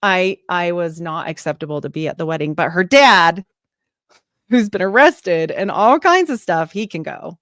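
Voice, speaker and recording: A woman's voice: fairly low pitch, moderate pace, no room sound, clean studio sound. A woman talking casually in an interview, telling a long story animatedly and acting out what people said. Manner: animated, quotes people in lively voices. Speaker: podcast host, guest.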